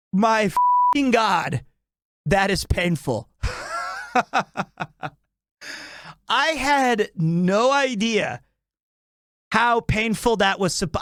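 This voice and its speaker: A man's voice: extremely high pitch, fairly bright tone. A man telling a comedic anecdote, acting out his own reactions with laughter. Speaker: podcast guest storyteller.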